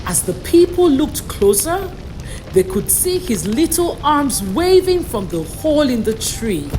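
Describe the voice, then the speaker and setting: A woman narrating a bedtime storybook in a slow, expressive reading voice. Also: sits high, background noise.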